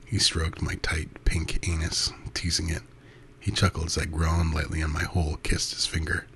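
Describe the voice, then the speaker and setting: A man narrating an intimate first-person erotic story in a soft, breathy voice that often drops to a half-whisper. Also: very deep voice, completely flat delivery, moderate pace, a little hiss or hum.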